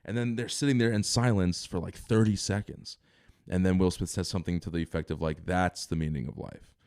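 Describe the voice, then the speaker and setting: A young man co-hosting a podcast, telling stories in a rambling, animated way with lots of fillers. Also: deep voice, fairly quick, dry recording, clean studio sound. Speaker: podcast co-host. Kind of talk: casual chat.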